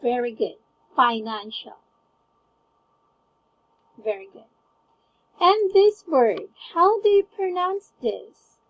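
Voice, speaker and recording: A woman's voice: high-pitched, very animated, takes it slowly, long pauses, no echo, dull audio. A woman tutoring English one-on-one, patiently asking a student to read words aloud and praising each try. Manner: patient, encouraging, frequent praise. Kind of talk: one-on-one online English lesson.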